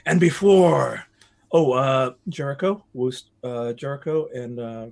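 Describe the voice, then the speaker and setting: Male game master, gravelly voice, loose rambling delivery. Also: medium pitch, takes it slowly. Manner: rambling, joking. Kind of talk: casual chat and story recap.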